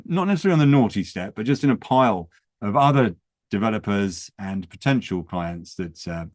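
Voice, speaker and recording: A man's voice: low voice, a little mellow, no room sound, clean studio sound. A man giving practical advice on a podcast, explaining in a conversational way with rhetorical questions. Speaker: property investment educator. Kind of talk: podcast talk.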